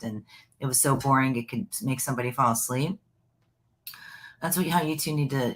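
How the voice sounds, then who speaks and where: A woman's voice: low-pitched, a bit bright. A woman psychic giving a live online reading in a chatty, rambling way, and calling the listener "honey".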